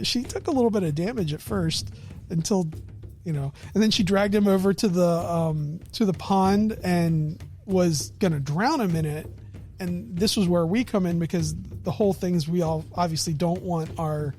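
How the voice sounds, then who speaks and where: Man casually retelling a game session. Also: sits high. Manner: animated recounting of a game session, laughs often. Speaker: miniature painting vlogger. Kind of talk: casual storytelling.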